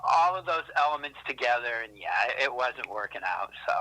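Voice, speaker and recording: A man's voice: mid-range voice, animated, normal speed, bright, forceful tone, poor audio. A man being interviewed, telling rambling, profane stories with lots of self-correcting asides. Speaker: interviewed musician. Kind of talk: casual interview storytelling.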